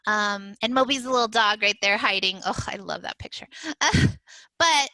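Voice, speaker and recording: Bright-voiced woman giving a parenting talk. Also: mid-range voice, moderate pace, dry recording, rough recording. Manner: conversational, many fillers and restarts. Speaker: early childhood educator.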